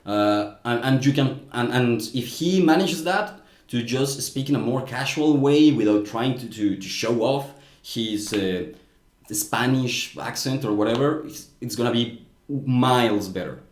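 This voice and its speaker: A man's voice: mid-range voice, a little slow. A man giving casual video commentary on clips, thinking aloud in a frank, critical way. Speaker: language commentator. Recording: roomy echo.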